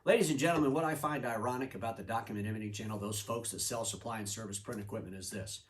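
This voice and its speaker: A man hosting his own show, talking by a fireplace indoors and telling an animated story, acting out characters in quick voices. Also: lowish voice, recorded from a distance. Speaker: show host. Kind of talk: fireside video commentary.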